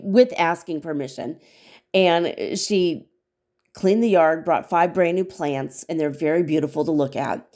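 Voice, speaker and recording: A woman's voice: fairly low pitch, darkish tone. A woman hosting a spiritual podcast, telling a casual, rambling story with frequent laughs and casual swearing. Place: small studio apartment.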